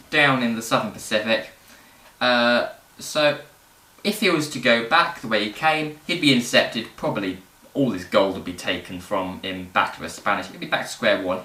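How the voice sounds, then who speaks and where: A man presenting history in casual educational storytelling, animated and rambling, with fillers and jokes. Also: mid-range voice. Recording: roomy, distant mic.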